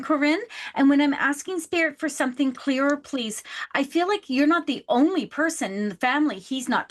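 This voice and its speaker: A woman hosting a psychic show, giving a reading to a caller and saying please and love often. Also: sits high. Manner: warm, affectionate, says please and love often. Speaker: psychic medium host.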